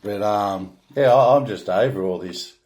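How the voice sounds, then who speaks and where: A man's voice: lowish voice, unhurried, darkish tone. An Australian man ranting bluntly through a rambling monologue, swearing often and restarting his sentences. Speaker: vlogger.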